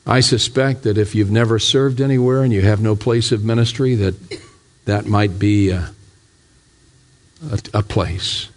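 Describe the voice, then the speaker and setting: A man's voice: fairly low pitch, fairly even intonation, a little slow. A man, a pastor, preaching a sermon in a church, putting question after question to his congregation and building to fervent, raised appeals. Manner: asks the congregation repeated rhetorical questions.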